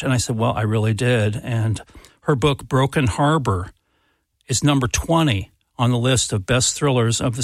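A conversational man hosting a radio show, telling a story to listeners and pitching the fund drive. He speaks at an ordinary pitch with many restarts, in a dry studio sound with no echo. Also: vocal fry. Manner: conversational, anecdotal, with frequent restarts. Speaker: radio host. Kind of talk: chatty on-air storytelling and fund drive appeal.

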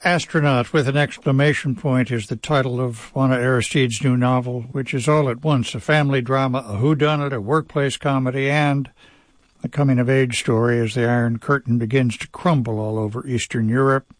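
A male radio host with a polished, even on-air delivery. He introduces his guest and asks questions at a medium pitch, and the studio sound is dry and close. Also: fairly quick, dry recording. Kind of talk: broadcast interview.

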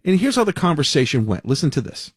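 A male radio talk show host, excitable and teasing, talking in quick bursts with restarts. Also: fairly high pitch, slightly rough, dry recording, clean studio sound. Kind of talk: animated talk radio monologue.

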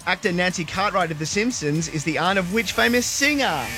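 A man with a croaky voice, hosting a radio quiz in a loud, upbeat, rapid-fire way. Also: sits high, animated, music in the background. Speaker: radio host.

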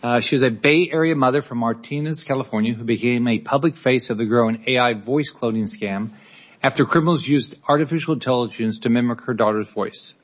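A man's voice: medium pitch, fairly quick, highs cut off. A man chairing a hearing who thanks the last witness and formally introduces the next one.

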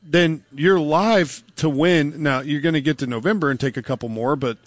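A man hosting a live sports talk radio show, giving quick, opinionated game analysis. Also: fairly high pitch, no room sound. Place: live remote broadcast at a car dealership.

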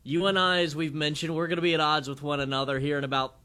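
A man's voice: on the high side, level tone, quick pace, pushed and bright. A man co-hosting sports talk radio and giving upbeat, emphatic score updates.

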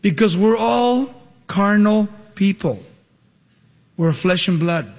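A man preaching a sermon, animated, acting out the dialogue of the figures in his story. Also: slow pace. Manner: animated, acts out dialogue with rising pitch. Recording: long hall reverb.

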